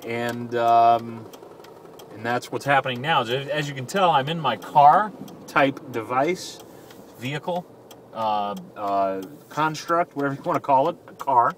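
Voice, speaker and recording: A man's voice: medium pitch, a little slow. Rambling joking man in a car. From southern Louisiana. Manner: rambling, joking, self-mocking. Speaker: radio fill-in DJ and vlogger. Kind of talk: casual vlog while driving. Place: inside a car. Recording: mic a bit distant, faint road noise.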